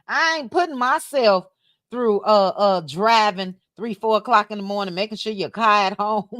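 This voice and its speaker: A woman's voice: mid-range voice, fairly bright tone, dry recording, clean studio sound. A middle-aged woman hosting a casual late-night livestream chat at home, laughing and teasing as she reads her viewers' comments. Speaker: livestream host reading chat.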